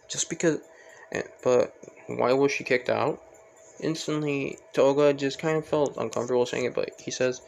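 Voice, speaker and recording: A man's voice: mid-range voice, steady tone, moderate pace, gravelly, a little hiss or hum. A man casually narrating a fan story, rambling with many fillers and self-corrections.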